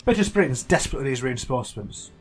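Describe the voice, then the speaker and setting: A man's voice: mid-range voice, expressive, quick pace, faint music behind. A young man giving casual, chatty gameplay commentary, teasing and rambling with frequent restarts. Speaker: let's play gamer.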